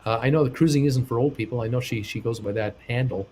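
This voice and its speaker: A man's voice: medium pitch, fast, a little mellow, a little hiss or hum. A man hosting a live travel stream, reading viewer comments aloud in a casual, hesitant way with many fillers, upbeat when asking for thumbs ups. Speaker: live show host reading chat.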